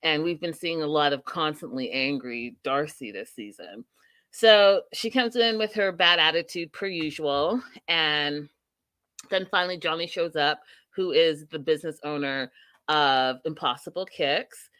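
A woman's voice: low-pitched, a little slow, fairly bright tone, dry recording. A young adult woman hosting a casual reality TV recap, chatty and opinionated, with playful asides to her viewers.

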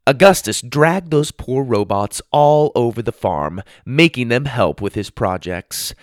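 A man narrating a children's storybook in an expressive, playful reading. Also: mid-range voice, measured pace, dry recording, clean studio sound.

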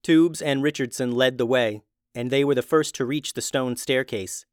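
A man narrating a children's fantasy adventure in a steady, even reading voice. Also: medium pitch, normal speed, clean tone, dry recording, studio quality. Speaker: storyteller.

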